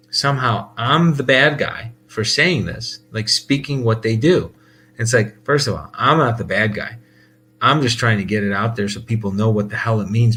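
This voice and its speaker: A man's voice: fairly low pitch, fairly bright tone, a little hiss or hum. A man talking in a casual monologue, rambling and heated, with many restarts and laughs. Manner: heated, emphatic. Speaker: podcast host.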